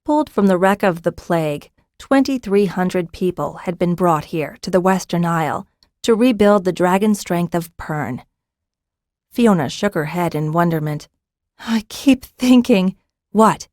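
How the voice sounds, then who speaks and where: Woman reading a dragon fantasy audiobook, steady, dry close mic. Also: lowish voice, normal speed, no echo. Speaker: audiobook narrator. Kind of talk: scripted fantasy narration.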